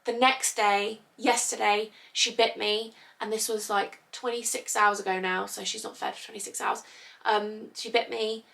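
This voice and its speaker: A woman's voice: mid-range voice, little pitch movement, moderate pace, creaky, bright, forceful tone. A young mother chatting casually and openly, emotional and confessional as she talks. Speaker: vlogger. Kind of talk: casual chat.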